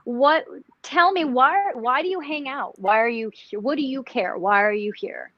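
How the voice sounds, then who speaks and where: Halting woman psychic, lo-fi audio. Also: high voice, no room sound. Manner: halting, many restarts, questioning. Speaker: psychic, remote viewer. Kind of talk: live paranormal talk show. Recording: dull dry lo-fi audio.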